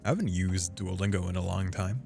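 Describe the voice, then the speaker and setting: A man's voice: deep voice, brisk, gravelly, warm tone, faint music behind. A man streaming a game, chatting casually in a rambling, self-deprecating way. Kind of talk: casual gaming chat.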